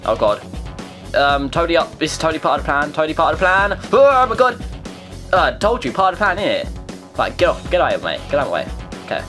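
A young man narrates his own gameplay as it happens. He is excitable, jumping between highs and lows in pitch, and he swears and mutters to himself. Faint music plays behind him. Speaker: gaming video creator. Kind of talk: live gameplay commentary.

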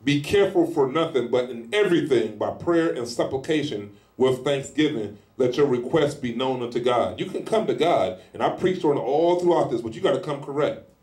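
A man preaching a sermon in a casual, animated style, acting out little scenes as he goes. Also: medium pitch, fairly quick, reverberant. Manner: animated, acts out scenes in lively voices; speaks in informal colloquial style. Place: church hall.

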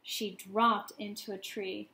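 A woman reading a children's picture book aloud, gently pausing to ask her young listeners questions. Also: mid-range voice, level tone, echoey room.

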